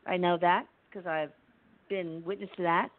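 A woman's voice: fairly low pitch, fairly even intonation, moderate pace, slight background noise. Gushing, chatty woman host on a tinny line. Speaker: show host. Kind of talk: enthusiastic casual introduction. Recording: dry, tinny phone-like line.

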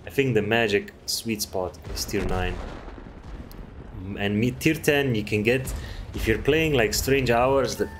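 A man with a somewhat low voice talks through a game replay in loose, casual commentary. He rambles, swears freely and drifts off topic. A faint hum sits behind him. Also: unhurried. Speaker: gameplay commentator.

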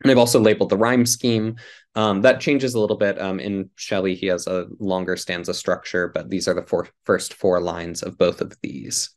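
A man's voice: low-pitched, flat delivery, normal speed. A man giving an academic literature lecture, explaining patiently to an audience with frequent ums and small self-corrections.

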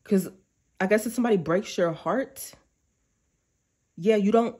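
A medium-pitched woman, unhurried and leaving long pauses, reads tarot informally for her viewers. She's chatty, slangy and animated. Often she breaks off to perform quoted thoughts.

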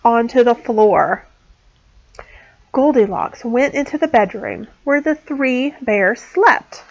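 A woman teacher reading a storybook aloud to small children, clear and expressive. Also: fairly high pitch. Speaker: pre-K teacher. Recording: dull lo-fi sound.

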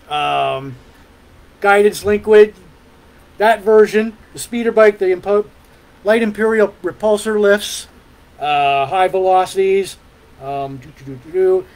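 A man's voice: high voice, poor audio. A middle-aged man hosting a podcast in casual rambling chat, loose and full of fillers and hums, with the odd swear. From Ontario, Canada. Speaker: podcast host.

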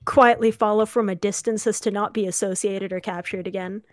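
A woman's voice: mid-range voice, fairly even intonation, fairly quick, dry recording. A woman gamer in casual chat, playful and laughing often.

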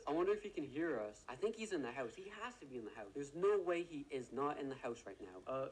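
A man giving live commentary on a game he is playing, excitable and gasping often, talking to his viewers and teammates. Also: mid-range voice, fast, hardly any pauses, rough recording. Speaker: gaming video creator.

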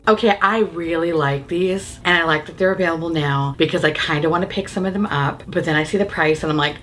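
A woman's voice: deep voice, a little fast, soft background music. A woman, a beauty YouTuber, chatting casually about makeup, swearing freely and laughing often. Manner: profane, giggly, animated and opinionated.

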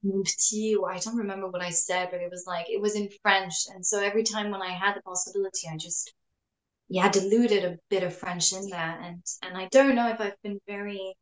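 An actress being interviewed in casual chat, telling lively stories, slipping in French words and laughing often. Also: female voice, mid-range voice, normal speed. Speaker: actress guest. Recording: roomy echo.

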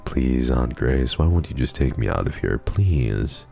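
A man reading out the lines of a frightened little girl from a horror game in a soft, gravelly voice. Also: extremely low pitch, expressive, unhurried, faint music behind, exaggerated voice. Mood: pleading.

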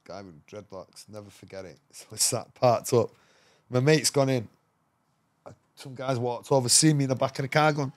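A man's voice: medium pitch, moderate pace, dry recording. An English man, a podcast guest, tells a rambling story in casual, slangy talk and swears often. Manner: rambling, swears often, slangy, fillers like "you know what I mean".

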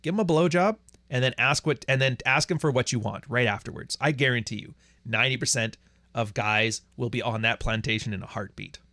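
A man's voice: mid-range voice, brisk, pushed and bright, no echo, studio quality. A man hosting a livestream who rants bluntly and crudely and reads out viewer chats. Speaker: livestream host. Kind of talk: profane livestream rant.

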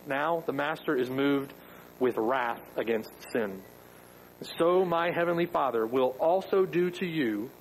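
A man's voice: mid-range voice, slight background noise, poor audio. A man preaching a sermon as pastor, emphatic, with rhetorical questions.

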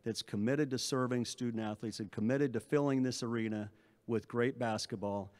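Middle-aged man, athletic director at a podium, rambling thanks, mid-pitched voice. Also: fairly even intonation, normal speed, a little mellow. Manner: rambling thank-yous with many restarts. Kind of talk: press conference speech.

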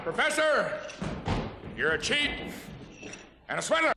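An actor playing an angry male townsman, shouting accusations at a swindler. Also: extremely high pitch, big pitch swings, measured pace, vocal fry, loud music behind the voice, full character voice. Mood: accusing. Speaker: live-action game character. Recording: echoey hall-like game audio.

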